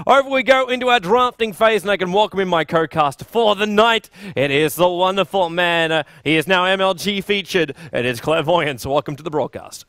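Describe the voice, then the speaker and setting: An upbeat man hosts a live esports stream and banters playfully with his partner. His voice sits high. The sound is dry and close, with no room echo. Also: a bit bright. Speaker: esports play-by-play host.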